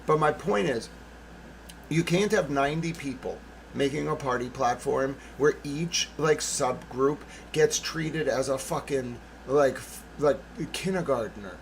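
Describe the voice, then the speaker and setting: Gravelly guy ranting about politics, blunt and sweary, sarcastic, bit of hiss behind. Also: mid-range voice, measured pace, poor audio. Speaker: channel host. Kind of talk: heated political monologue.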